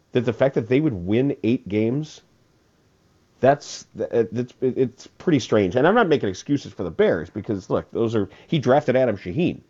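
A man's voice: mid-range voice, dark tone, highs cut off. A man hosting a casual sports talk radio show, rambling and repeating words as he laughs his way through listener texts.

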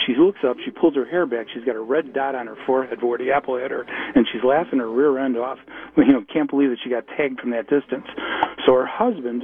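A man calling into a radio show, chatty, building his story to the punchline over the phone. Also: mid-range voice. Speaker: caller. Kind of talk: telling a story on a call-in show. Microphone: telephone. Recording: phone line.

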